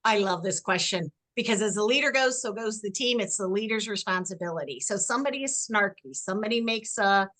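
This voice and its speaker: Animated woman guest expert. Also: mid-range voice, a little fast, hardly any pauses. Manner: animated, acts out example phrases. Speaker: guest expert on workplace culture. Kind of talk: conversational podcast interview.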